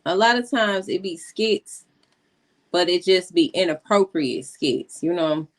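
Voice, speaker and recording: Low-voiced woman commentator. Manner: halting, thinking aloud. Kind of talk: casual commentary.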